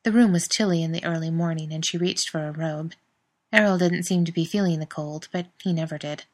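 A woman reading a story aloud in a calm, even manner. Her voice sits a little on the low side and stays steady through the narration. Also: a little fast. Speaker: reader.

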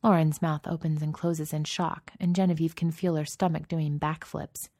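A woman's voice: sits low, flat delivery, normal speed, mellow, no echo, clean studio sound. A woman narrating a story aloud, lifting her voice slightly for the characters' lines. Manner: reads dialogue in lightly raised voices. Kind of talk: audiobook narration.

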